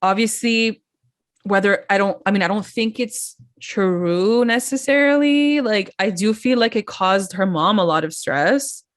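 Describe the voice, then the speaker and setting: A woman's voice: medium pitch, animated, a little slow. Chatty young woman recapping a show. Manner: chatty, retells scenes in quoted voices, many "like" fillers. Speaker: podcast co-host. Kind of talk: casual pop culture recap.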